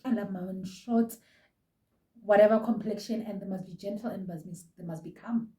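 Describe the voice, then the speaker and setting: A woman's voice: mid-range voice, moderate pace, dark tone, recorded from a distance, slight background noise. A young South African woman chatting in a gushing, casual way, reviewing a reality show from home. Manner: gushing, chatty, code-switching. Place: room at home. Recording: roomy echo, set back from mic.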